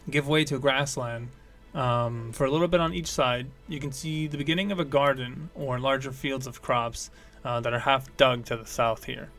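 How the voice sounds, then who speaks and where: A man's voice: medium pitch, fairly bright tone. A man narrating as game master of a tabletop game, rambling, with many fillers and self-corrections.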